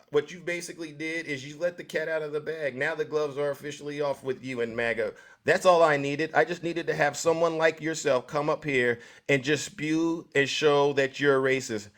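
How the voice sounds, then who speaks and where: Male live-stream host, a little high-pitched, preachy and repetitive. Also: fairly even intonation, normal speed, hardly any pauses. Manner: preachy, repetitive, addresses audience directly. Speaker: livestream host. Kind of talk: live-stream political commentary.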